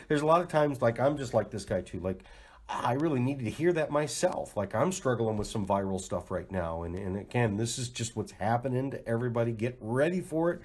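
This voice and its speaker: A man's voice: medium pitch, brisk, a little mellow, breathy edge. Chatty, rambling man with a mid-range voice. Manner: loose, chatty, laughs a lot, many fillers. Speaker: host of a health advice show. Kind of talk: casual rambling monologue.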